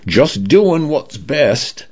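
A cheerful, bossy smart condo with a British, Cockney-leaning lilt, voiced by a man. It talks high and lively, patronizing and friendly. The sound is dull, like an old radio broadcast. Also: very slow, breathy edge, heavily acted. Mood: chirpy.

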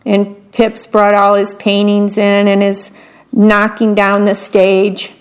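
Reading a picture book aloud at a slow pace, a woman breaks off to make chatty remarks about each illustration. Her medium-pitched delivery is completely flat.

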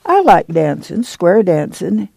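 A man's voice: on the high side, normal speed, creaky, dark tone, no room sound. A man voicing a shy young pregnant woman with a who answers in a guarded mumble.

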